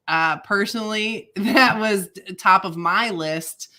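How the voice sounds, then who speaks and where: A woman co-hosting a casual podcast, bubbly and quick to laugh, with plenty of ums along the way. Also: fairly low pitch, sharp tone. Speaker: podcast co-host.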